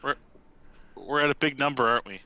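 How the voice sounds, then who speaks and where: Bright, smooth-voiced man with sarcastic quips. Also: medium pitch, fairly quick. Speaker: podcast co-host. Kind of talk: casual live-streamed podcast chat.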